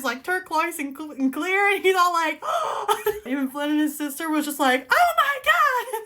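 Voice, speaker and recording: A young woman chatting excitedly about a book she is reading, scolding its characters as if they could hear her. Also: sits high. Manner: excitable, chatty, talks straight to the book's characters. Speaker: book reaction vlogger. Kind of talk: casual reading reaction.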